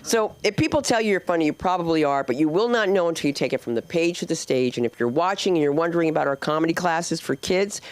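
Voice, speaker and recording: A woman's voice: deep voice, lively intonation, quick pace, few pauses, dry recording. A woman from New Jersey hosting a comedy club open mic, talking to the crowd in a brash, rambling, jokey way. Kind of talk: live stand-up hosting, chatting with the crowd.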